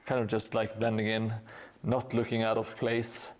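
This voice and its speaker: A man's voice: lowish voice, level tone, normal speed. A man chatting casually on a live stream while painting terrain, rambling and poking fun at himself, with lots of fillers and restarts. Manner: rambling, self-mocking, many fillers and restarts. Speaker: streamer building a tabletop terrain board. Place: hobby workspace at home.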